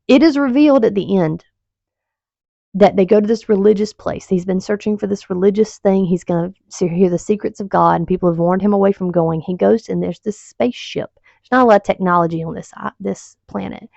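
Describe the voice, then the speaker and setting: In a casual book-review vlog, a woman rambles, sounds exasperated, and swears freely. Her medium-pitched voice is creaky and dark, and she talks fairly quickly. It's a dry, dull lo-fi recording from a home video mic.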